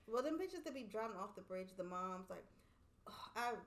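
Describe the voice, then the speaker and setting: A woman's voice: medium pitch, normal speed. A woman co-hosting a casual podcast, telling a story with lots of swearing and acted-out quotes. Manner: animated storytelling, swearing freely, acting out quotes. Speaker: podcast co-host. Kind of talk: casual chat.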